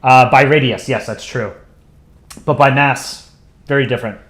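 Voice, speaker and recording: A man's voice: medium pitch, fairly even intonation, moderate pace, a bit bright. A man hosting a drawing livestream, chatting offhand and rambling as he thinks aloud, with the odd chuckle. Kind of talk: casual livestream chat while drawing. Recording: roomy echo with faint music behind.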